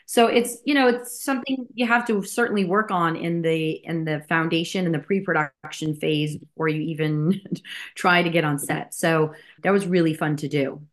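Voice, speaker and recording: A woman's voice: low-pitched, steady tone, normal speed. A woman in her forties, a filmmaker being interviewed, talking casually and upbeat with frequent fillers and laughs. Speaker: filmmaker guest.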